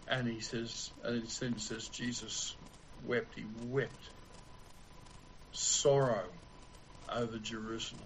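Slow, deliberate male preacher. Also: medium pitch, little pitch movement, a bit bright, slight background noise, poor audio. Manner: slow, deliberate delivery with long pauses. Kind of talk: sermon.

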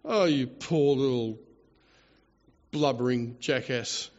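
A man preaching a sermon, animated and theatrical, with mocking asides. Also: mid-range voice, takes it slowly, big-room sound. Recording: dull lo-fi recording.

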